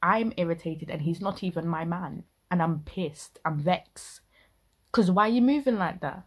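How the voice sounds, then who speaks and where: A woman's voice: fairly low pitch, moderate pace, breathy edge. A young woman ranting indignantly in casual reaction commentary, full of slang. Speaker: reaction video host.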